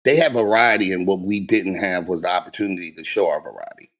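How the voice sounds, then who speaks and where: A man's voice: low-pitched, a bit bright. A man from California, a guest, speaking emphatically in a loose, casual interview. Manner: emphatic, loose, fast-flowing speech. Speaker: guest rapper.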